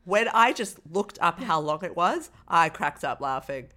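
A woman in casual chat reviewing a film with a co-host, animated and often laughing, with exaggerated mock-outraged retellings. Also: fairly low pitch, measured pace. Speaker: podcast co-host.

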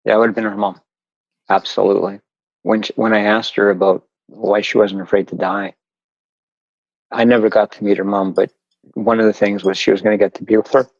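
A man with a lowish voice speaks quietly and haltingly, moved by what he hears. The sound is dry and a little dull, like a lo-fi recording. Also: flat delivery, no echo. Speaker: guest. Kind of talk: conversation during a reading.

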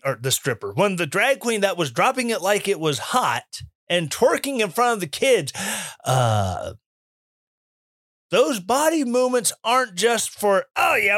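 Sarcastic ranting male commentator, high and lively. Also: no echo, clean studio sound. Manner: animated, sarcastic ranting with mocking mimicry. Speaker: commentary host. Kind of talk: opinion commentary.

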